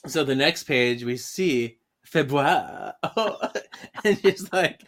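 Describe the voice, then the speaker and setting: Man, podcast co-host, casual comic read-along, animated, lively pitch, laughs often. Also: drawn-out words. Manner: animated, laughing, paraphrasing dialogue.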